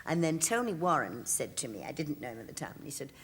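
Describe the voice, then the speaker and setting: A woman's voice: low voice, big pitch swings, fast talker, gravelly, fairly bright tone, slight background noise. A woman in her sixties, a guest on a TV talk show, telling stories in a chatty way and laughing often. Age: 60s. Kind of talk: casual chat. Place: TV studio.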